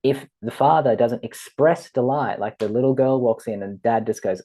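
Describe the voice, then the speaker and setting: A man giving a rambling, animated spiritual teaching talk, often laughing and acting out quoted voices. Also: medium pitch, normal speed, few pauses.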